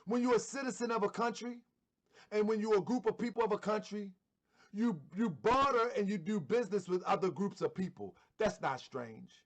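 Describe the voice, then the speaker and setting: High-voiced guy preaching worked up, says stuff twice for emphasis. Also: moderate pace. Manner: preachy, repeats phrases for emphasis; fervent, sometimes shouting. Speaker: online show host. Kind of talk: impassioned religious commentary.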